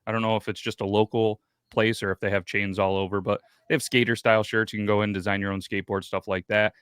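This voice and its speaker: A man's voice: on the low side, flat delivery, quick pace, fairly bright tone, clear, resonant tone, dry recording, studio quality. A man in his thirties hosting a podcast, telling rambling, profane stories in casual chat. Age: 30s. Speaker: podcast host.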